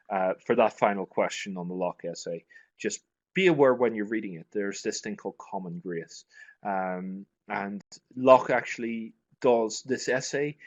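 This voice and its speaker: Male teacher, online lesson, low voice, dry dull call audio, thinks aloud. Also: no room sound. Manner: conversational, thinking aloud with frequent restarts. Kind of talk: online class lecture. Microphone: computer mic on a video call.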